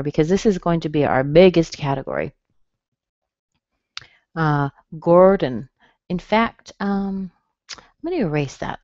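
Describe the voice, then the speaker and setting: A woman with a low, dark voice and vocal fry teaches pronunciation in an online class, speaking slowly and patiently as she repeats words for drilling. Her computer mic produces dull, muffled, dry webinar audio with no echo.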